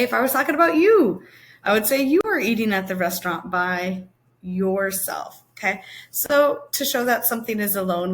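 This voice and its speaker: Female ESL teacher, clear and patient, repeats examples, mid pitch. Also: fairly bright tone. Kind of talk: grammar lesson.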